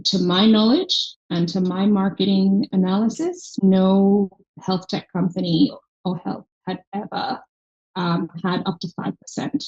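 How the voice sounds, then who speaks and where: A woman with a softened Irish accent, telling stories earnestly as a podcast guest. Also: medium pitch, a little slow, highs cut off. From Ireland. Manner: earnest storytelling, lively quoted voices. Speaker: guest, health tech founder. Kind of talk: podcast interview.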